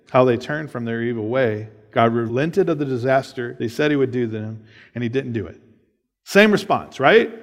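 A man's voice: medium pitch, big-room sound. A man preaching a sermon, reading scripture aloud and explaining it in a casual way, often checking in with "right?". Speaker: pastor.

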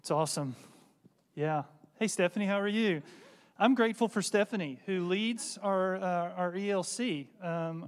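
A man leading a church sharing time, speaking in short, friendly, encouraging remarks. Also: fairly high pitch. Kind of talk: casual, encouraging hosting in a church service. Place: church sanctuary. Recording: long church reverb.

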